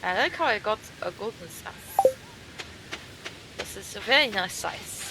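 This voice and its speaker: A woman's voice: mid-range voice, expressive, a little slow, heavy background noise. A woman voicing a haughty grand lady in a put-on German accent, speaking in lordly, theatrical phrases.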